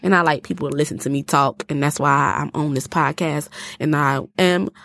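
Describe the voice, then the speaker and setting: A young woman, co-hosting a podcast and telling stories in an animated, laughing way. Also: sits low, normal speed, gravelly, dry recording, clean studio sound. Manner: animated storytelling with frequent laughter. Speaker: podcast co-host. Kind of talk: casual podcast chat. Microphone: podcast microphone.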